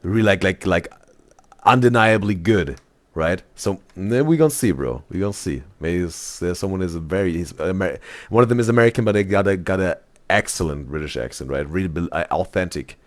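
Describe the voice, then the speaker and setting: A man's voice: deep voice, animated, fairly quick, no room sound. A man streaming a reaction video, chatting casually in loose phrasing and reading out his chat. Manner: chatty, loose non-native phrasing, says "bro" often.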